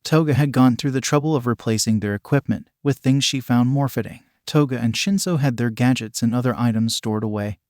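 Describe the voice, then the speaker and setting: Guy reading a fan story out, steady, medium voice, dry close mic. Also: mid-range voice, a little fast, few pauses, dry recording. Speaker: narrator. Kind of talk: scripted story narration.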